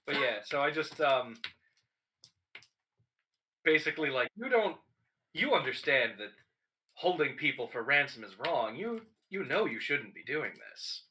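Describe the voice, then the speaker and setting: A man plays a tabletop game, hesitating and trailing off as he thinks. His voice is bright, with a light hiss behind it. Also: on the high side, big pitch swings, unhurried, pauses often. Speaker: player. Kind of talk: casual tabletop play.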